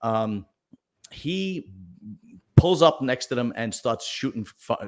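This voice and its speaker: A man's voice: mid-range voice, lively intonation, slow. A male podcast host chatting casually about news stories, rambling with lots of fillers and restarts and telling jokes for donors. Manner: tells jokes read out for viewer donations.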